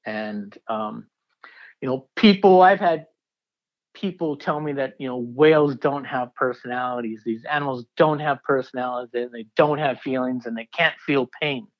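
A man in his fifties, a diver telling a story in an interview, excitable and rambling with many fillers and restarts. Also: medium pitch, normal speed, dull audio.

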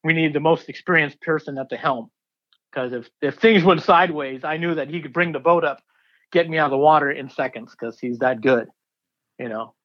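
In an interview, a man in his fifties who dives recounts a story in an excited, rambling way, often restarting and using filler words. He speaks fairly quickly in a slightly high voice, and the audio is dull.

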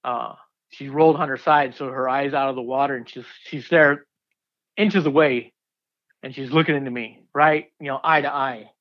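A man in his fifties, a diver telling a story in an interview, excitable and rambling with many fillers and restarts. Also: medium pitch, normal speed, lo-fi sound.

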